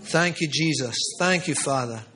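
A man's voice: on the high side, moderate pace, pushed and bright. A middle-aged man preaching a charismatic sermon with prophetic words, fervent and emphatic, repeating phrases for stress. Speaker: pastor.

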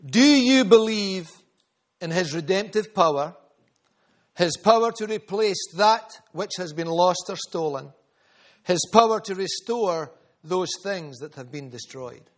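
A man preaching with a high, ringing voice. He is fervent and repetitive, building his phrases in waves and calling on congregation members by name. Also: animated, unhurried, a bit bright. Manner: rhythmic repetition, builds in volume. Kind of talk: sermon.

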